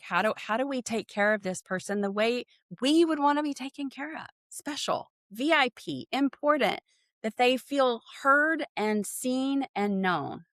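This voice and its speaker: A woman's voice: medium pitch, no room sound, clean studio sound. A middle-aged woman, a dental consultant, talking earnestly in a podcast interview and acting out her exchanges with patients. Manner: warm, earnest storyteller who acts out patient exchanges.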